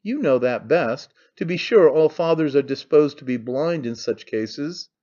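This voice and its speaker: A man's voice: a little high, expressive, measured pace, darkish tone, dull audio. A man doing a sneering, cynical young son. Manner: sneering, offhand, needling.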